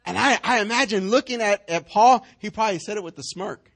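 A male pastor, preaching a sermon in an animated, joking way and acting out the people in the story. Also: sits high, brisk, vocal fry. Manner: animated, joking, acts out quotes.

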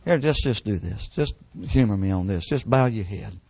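An older man preaching a sermon at a church service, telling his testimony with fervent repetition and dropping to hushed tones at the emotional peaks. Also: fairly low pitch, expressive, moderate pace, breathy edge.

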